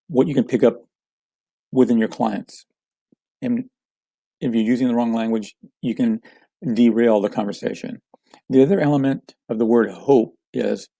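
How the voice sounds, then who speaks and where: A man teaching a communication lesson, calmly explaining with example phrases. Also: medium pitch, vocal fry, husky, no room sound. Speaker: communication coach.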